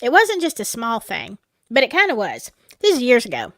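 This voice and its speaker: A high-voiced woman with a drawl tells a story from church, and her pitch swings up and down as she goes. She chats casually and acts out each quoted exchange. The recording is close and dry, with no room sound. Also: wildly swooping pitch, moderate pace, a bit bright, no room sound. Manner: chatty, acts out quoted dialogue with asides. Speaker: channel host talking about church abuse. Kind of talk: personal storytelling commentary.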